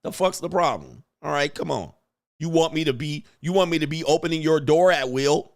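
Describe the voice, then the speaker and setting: Speaking on the high side with vocal fry, this show host talks briskly. His casual livestream rant comes across as crude, swaggering and full of boasting.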